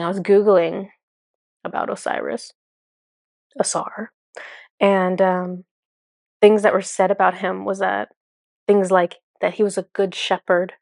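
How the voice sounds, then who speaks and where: A woman's voice: medium pitch, creaky, dry recording, clean studio sound. A woman speaking as a spiritual channeler in a casual, enthusiastic monologue full of fillers. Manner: chatty, filler-heavy, enthusiastic.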